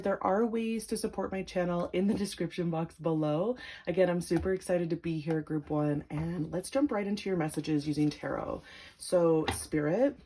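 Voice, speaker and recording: A woman's voice: lowish voice, noisy background. A young woman giving a casual, upbeat tarot reading, chatty and giggly, with lots of fillers. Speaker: tarot reader.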